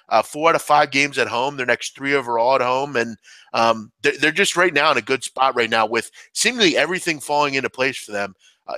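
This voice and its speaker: A man's voice: medium pitch, sharp tone, dry recording. A man talking sports betting on a roundtable, rambling with many fillers. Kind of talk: casual roundtable talk.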